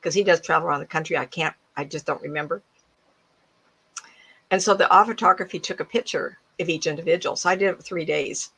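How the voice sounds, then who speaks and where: A woman in her seventies, a psychic medium giving a casual talk to an audience, animated and laughing often as she acts out other people's voices. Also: fairly low pitch, low-quality recording. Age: 70s.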